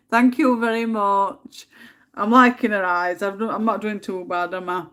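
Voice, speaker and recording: A woman's voice: medium pitch, steady tone, slow pace, a bit bright. An English woman hosting a casual colouring livestream from home, chatting, laughing often and muttering to herself as she picks colours, with a bit of a cold. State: has a cold. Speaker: livestream host.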